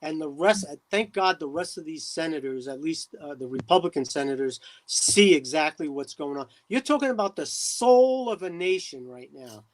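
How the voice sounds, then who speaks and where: A middle-aged man from New Jersey, a mayor as a talk show guest, speaking emphatically with many pauses and fillers. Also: on the high side, animated. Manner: emphatic, preachy, trailing off with many uh's. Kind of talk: casual interview talk.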